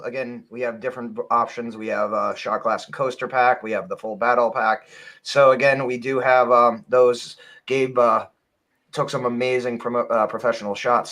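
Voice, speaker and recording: A man's voice: medium pitch, a bit bright. A man co-hosting a casual livestream, giving upbeat plugs for merchandise and giveaways. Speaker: co-host.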